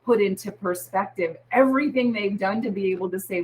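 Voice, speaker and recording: A woman who leads a school, speaking as an interview guest and patiently explaining things in an advising tone. Her voice has a slightly husky edge at an average pitch for a woman. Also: moderate pace, few pauses, rough recording. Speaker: school head.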